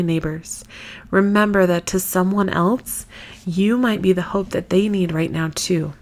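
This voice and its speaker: A woman in her thirties talks straight to her listeners in a candid solo podcast, frank and heartfelt. She swears without fuss and breaks into easy laughter, her pitch sitting in a natural middle range. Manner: frank and earnest, swears casually, laughs easily. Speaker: podcast host.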